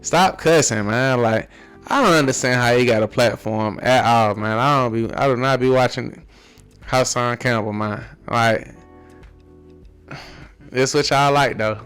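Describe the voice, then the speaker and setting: A man's voice: mid-range voice, unhurried, fairly bright tone, smooth, soft background music. A man hosting a reaction commentary, talking in a laid-back drawl and often ending lines with "man". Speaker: commentary channel host.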